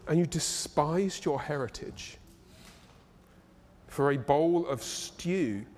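Pastor guy preaching, kinda high voice, lively storytelling, big church reverb. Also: a little hiss or hum. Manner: animated, playful storyteller. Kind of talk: sermon. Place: church hall, live congregation. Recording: long reverb of a church hall.

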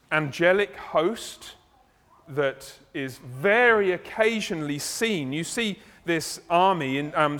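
A man delivers a teaching sermon, breaking a passage down in plain, conversational talk with casual asides. His voice sits a little high for a man. The sound carries a long reverb, as in a large hall. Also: a bit bright. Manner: conversational, explaining, slips into acted asides. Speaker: preacher. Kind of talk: expository sermon.

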